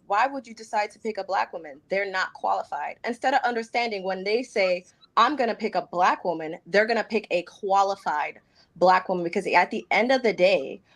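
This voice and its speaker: Woman making a firm point on a podcast. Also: medium pitch. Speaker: podcast co-host. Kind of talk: casual chat.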